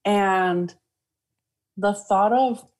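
An enthusiastic woman co-hosts a wrestling podcast in relaxed, casual chat. She gushes freely over the matches and the wrestlers. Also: medium pitch, extremely slow. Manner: gushing, enthusiastic wrestling fan. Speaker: podcast co-host.

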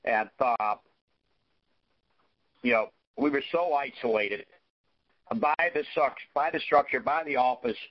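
A man sharing in a group discussion, halting, with many fillers and frequent "okay?" check-ins. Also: mid-range voice. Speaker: recovery meeting participant. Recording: dull lo-fi audio.

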